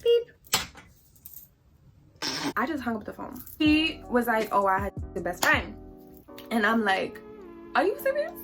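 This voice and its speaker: A young woman telling a story on her vlog in a chatty, animated, slangy way. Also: fairly high pitch, moderate pace, over music.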